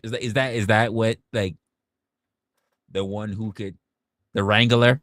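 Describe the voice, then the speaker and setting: A man's voice: mid-range voice, fairly even intonation, moderate pace, a bit bright. A man hosting a livestream, talking in a casual rant full of rhetorical questions, profanity and stammered restarts. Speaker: livestream host.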